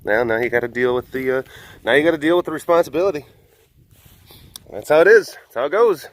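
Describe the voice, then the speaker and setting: A man vlogging at a wild animal facility, cooing in high baby talk at the animals and joking between stories about them. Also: fast, no room sound. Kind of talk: casual vlog talking to animals.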